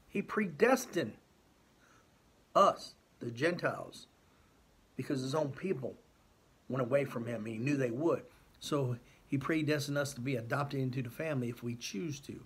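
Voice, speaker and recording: A man's voice: on the high side, slightly rough. A man giving an earnest, exasperated talk about his faith to his channel's viewers. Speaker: christian youtuber. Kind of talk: impassioned faith monologue.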